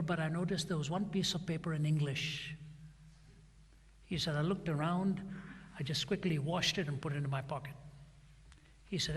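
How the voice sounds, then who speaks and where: Older male preacher, raised husky tone, dramatic storyteller voicing every part; long hall reverb. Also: on the high side. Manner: dramatic retelling, acting out each side of a dialogue. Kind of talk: sermon storytelling.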